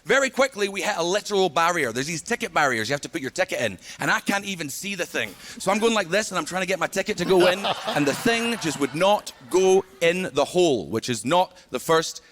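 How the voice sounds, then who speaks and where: A man with a Scottish accent from Scotland doing an animated stand-up set, telling stories with punchy asides to the crowd. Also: high voice, a little fast, hardly any pauses. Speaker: stand-up comedian. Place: large TV studio stage before a live audience. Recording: loud audience laughter, noisy stage.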